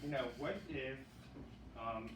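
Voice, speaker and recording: A man's voice: mid-range voice, slow pace. A man with a New York accent doing a chatty open-mic stand-up set, acting out other people's lines. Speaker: stand-up comic. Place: small comedy club. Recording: echoey club heard from a distance, loud room noise.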